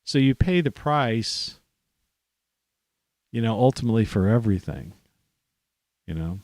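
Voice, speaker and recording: With an animated, medium-pitched voice that is a bit dark and somewhat slow, a middle-aged man from the United States talks casually while hosting a live stream. His monologue wanders, full of restarts and "you know," and the recording has no room sound.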